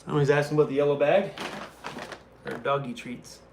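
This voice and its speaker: Van-life streamer, man, easygoing and chummy, fairly high voice, talks loosely to chat. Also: fairly even intonation, brisk, vocal fry, a little hiss or hum. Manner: laid-back and chummy, calls viewers bro and man, laughs often. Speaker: van-life YouTuber hosting a live stream. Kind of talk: casual live-stream chat, reading viewer comments. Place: hotel room, seated on a small chair.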